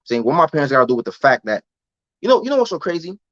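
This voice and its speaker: A man's voice: a little high, big pitch swings, racing, fairly bright tone, dry recording. A young American man in a casual live-stream rant, talking loose street slang and repeating himself. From United States. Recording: dull lo-fi dry sound.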